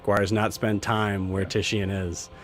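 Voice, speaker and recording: A man's voice: on the low side, little pitch movement. A man narrating a tabletop game as game master, stumbling over fillers and laughing often. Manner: halting, full of fillers and laughs.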